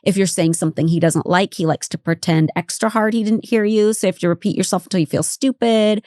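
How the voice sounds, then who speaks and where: A woman's voice: medium pitch, quick pace, darkish tone, dry recording, clean studio sound. A middle-aged woman co-hosting a podcast, talking frankly, mocking herself and swearing casually. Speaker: podcast co-host. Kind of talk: casual chat.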